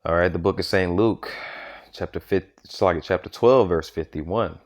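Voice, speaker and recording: At a normal speed and in a low-pitched voice, a man preaches casually and reads scripture. His delivery is emphatic and repetitive, full of restarted sentences and tags like "man" and "okay?".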